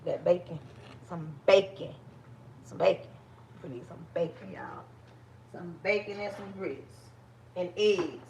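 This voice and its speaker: A woman's voice: lowish voice, a little slow, pauses often, a little mellow, slight background noise. A woman with a Southern US accent chatting casually with her viewers on a livestream while she cooks. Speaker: livestream host.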